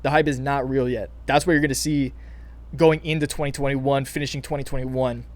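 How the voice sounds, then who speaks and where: A young man hosting casual crypto market commentary, excited and hyped, with frequent restarts and calls to "you guys". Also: mid-range voice, brisk. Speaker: crypto channel host.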